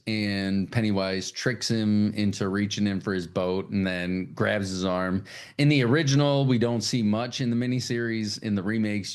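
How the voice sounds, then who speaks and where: A man hosting a casual podcast chat, animated and swearing freely, acting out lines in high put-on voices. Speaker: podcast host.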